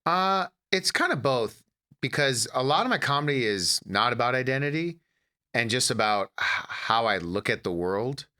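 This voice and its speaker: A comedian from Detroit in a casual interview, telling animated family stories. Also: male voice, medium pitch, normal speed. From Detroit, USA. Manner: animated storyteller, acts out his mother's lines. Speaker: comedian guest.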